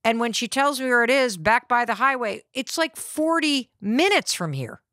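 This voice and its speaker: A middle-aged woman hosting a podcast, telling a personal story in an animated, dramatic way. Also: a little high, normal speed, dry recording, clean studio sound. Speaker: podcast host.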